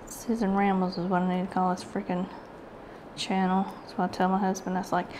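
A woman's voice: fairly low pitch, completely flat delivery, a little fast, a little mellow, a little hiss or hum. A woman with a Southern US accent hosting a casual craft video, chatty and rambling as she works. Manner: rambling, chatty and self-deprecating. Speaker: craft channel host. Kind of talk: casual craft tutorial chat.

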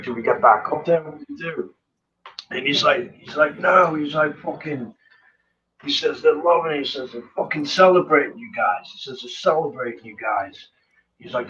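Profane, rambling punk singer, lo-fi audio. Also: male voice, mid-range voice, pushed and bright. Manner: profane, rambling storyteller with frequent fillers. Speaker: punk band singer, guest. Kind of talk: casual storytelling interview. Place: remote live stream call.

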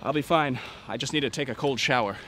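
An actor playing a self-important, easily flustered private detective in a comedy web series, recorded outdoors on a city street. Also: male voice, medium pitch, fast talker, noisy background, natural voice. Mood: exasperated. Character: bumbling pompous male private eye.

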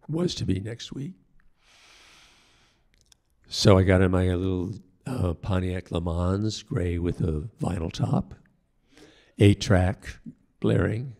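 An older man, a priest, telling stories from his past in a reflective, halting way and acting out the voices of the people he quotes. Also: lowish voice, vocal fry, mellow, breathy edge. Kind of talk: storytelling talk.

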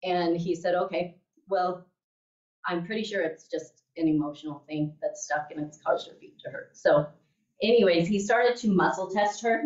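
Telling a story to her class, an instructor speaks in a lowish, darkish voice and a chatty style, often pausing to check in with "okay?" or "right?". An echoey room and a far-off mic leave the audio sounding dull.

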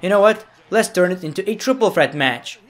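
A man's voice: sits high, lively intonation, a little fast, fairly bright tone. A young man commentating his own wrestling-game match in a goofy, playful way, with bursts of mock anger at the players. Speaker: gaming YouTuber. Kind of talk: gameplay commentary.

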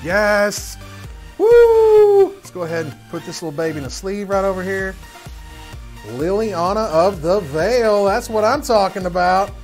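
A woman's voice: medium pitch, normal speed, faint music behind. A woman hosting a live stream, hyped up and whooping, calling the viewers y'all as she opens card packs.

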